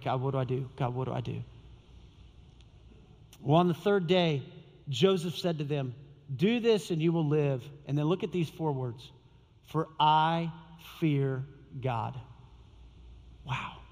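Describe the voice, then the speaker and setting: A man with a high voice preaches to his congregation, acting out each character as he retells the story. His voice rings out with a long reverb in a large hall. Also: a little mellow. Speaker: pastor. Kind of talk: sermon.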